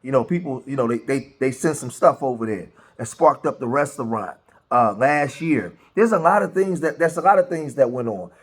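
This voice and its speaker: A man hosting a casual commentary, talking in an animated way, restarting phrases and asking rhetorical questions. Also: medium pitch, normal speed. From grew up in a rough city neighborhood. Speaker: commentary host.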